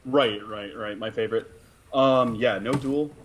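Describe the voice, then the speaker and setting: A man's voice: mid-range voice, unhurried, a little hiss or hum, rough recording. A man from Arkansas co-hosting a reaction show, chatting casually with dry, understated replies. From Arkansas, USA. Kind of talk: casual chat.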